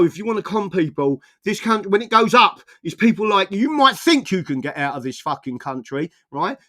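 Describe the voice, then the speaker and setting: A man's voice: high-pitched, a bit bright. A man from England, delivering an angry, profanity-filled political rant full of stammering restarts. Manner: furious, swearing, stammering restarts. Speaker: political commentator.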